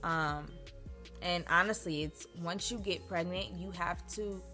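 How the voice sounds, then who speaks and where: A woman's voice: fairly low pitch, a little slow, music in the background. A young woman telling a personal story in a chatty vlog style, filling her talk with "like". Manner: chatty, lots of "like" fillers. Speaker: vlogger.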